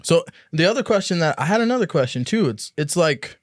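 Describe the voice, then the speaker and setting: A man's voice: fairly high pitch, very animated, brisk, no room sound, studio quality. A man hosting a casual podcast chat, asking long, rambling questions and working through his points aloud. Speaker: podcast host.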